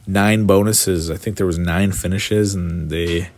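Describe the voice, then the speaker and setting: A man's voice: low-pitched, steady tone, unhurried, a little mellow, no echo. A young Canadian man giving a casual, rambling commentary full of fillers and enthusiasm.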